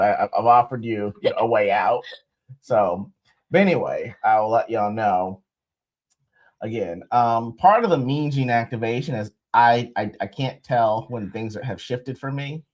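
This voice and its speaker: A man's voice: medium pitch, a little mellow. A young man, rambling and joking as he tells a story on a livestream. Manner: rambling, joking, with many restarts and laughs. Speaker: co-host, expectant father. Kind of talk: casual storytelling chat. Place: home livestream.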